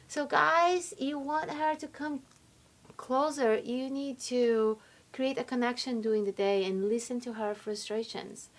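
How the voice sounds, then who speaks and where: A woman's voice: a little high, measured pace. A woman coaching on relationships, talking straight to the listener and acting out quoted lines, with non-native English phrasing. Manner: expressive, acts out quoted complaints and soft replies. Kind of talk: coaching talk to camera.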